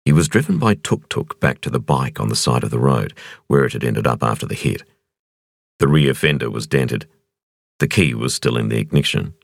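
A man reading a thriller audiobook in a measured, expressive narration. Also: extremely low pitch, creaky, dry recording, studio quality. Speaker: audiobook reader.

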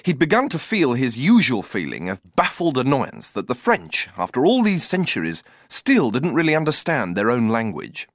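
A man narrating a comic story aloud, expressive and playful, with strong comic timing. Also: medium pitch, normal speed, hardly any pauses, no echo, studio quality. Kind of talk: storybook reading.

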